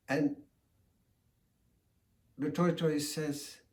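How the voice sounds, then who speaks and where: A man telling a folk tale in a slow, deliberate, expressive way. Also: medium pitch. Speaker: storyteller. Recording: echoey room.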